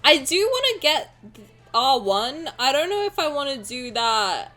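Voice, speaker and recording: A young woman talks through a game stream in a playful, joking way, her slightly high voice leaping up and down. She keeps up a loose, teasing patter with her viewers and now and then bursts into excited shouting. Soft game music sits faintly underneath. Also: measured pace. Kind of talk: casual game stream commentary.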